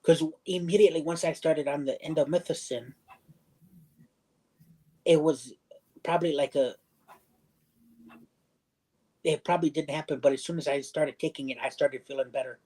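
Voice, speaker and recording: A man's voice: on the high side, fairly even intonation, moderate pace, long pauses, mellow, poor audio. A young man telling a personal story in casual livestream chat. He rambles, circles back, restarts sentences and acts out other people's lines.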